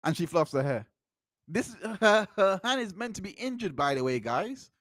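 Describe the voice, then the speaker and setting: A man's voice: high-pitched, big pitch swings, moderate pace, a bit bright, dry recording. A man hosting a channel, giving casual commentary on court transcripts, often repeating himself and making incredulous asides. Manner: repetitive, restarts phrases, incredulous asides.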